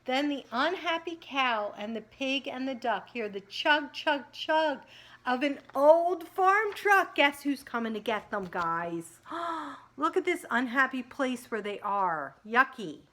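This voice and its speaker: A woman preschool teacher reading picture books aloud to children, animated and sing-song, stopping to talk to the kids between pages. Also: sits high, slow.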